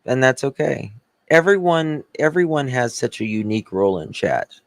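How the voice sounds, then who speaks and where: A man's voice: medium pitch, lively intonation, normal speed, no echo. A man from the South, hosting a casual livestream, chatting and thanking viewers by name, sounding tired. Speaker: livestream host.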